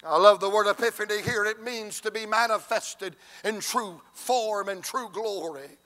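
A male preacher delivering a sermon in rhythmic, shouted, repeated exhortations. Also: high-pitched, normal speed.

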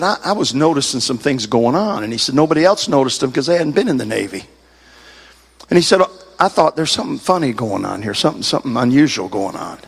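A man preaching a sermon in church, telling a folksy story and building to shouted fervor. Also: medium pitch. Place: church service.

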